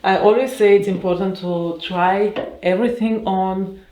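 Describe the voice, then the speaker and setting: A woman's voice: medium pitch, fairly even intonation, moderate pace, darkish tone. Hesitant woman designer in a roomy shop. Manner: hesitant, many fillers, emotional storytelling. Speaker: fashion designer showing her shop. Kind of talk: casual guided tour. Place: her small boutique shop, indoors. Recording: roomy indoor sound.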